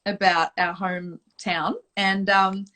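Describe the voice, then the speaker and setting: A woman's voice: medium pitch, slow. A young adult woman with an Australian accent, a musician laughing often as she tells stories in casual chat. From Sydney, Australia. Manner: giggly, excitable, says "oh my God" often. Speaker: musician guest.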